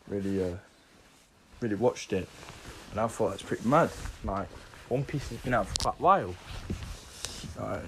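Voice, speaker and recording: Drunk young lad rambling. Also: male voice, medium pitch, dark tone. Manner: swearing, rambling, filler-heavy. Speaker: podcast host. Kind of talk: rambling casual storytelling.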